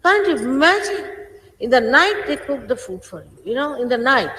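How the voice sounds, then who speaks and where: A woman's voice: sits high, very animated, moderate pace, fairly bright tone. A woman in her sixties, a spiritual teacher addressing her followers in a stern, scolding manner. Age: 60s. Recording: roomy archive recording with long hall reverb.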